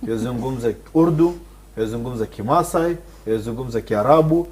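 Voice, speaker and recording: A man's voice: medium pitch, fairly quick, breathy edge. A man co-hosting a live broadcast, chatting casually and mixing Swahili with English. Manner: mixes Swahili and English, animated, reads viewer comments. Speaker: TV co-host.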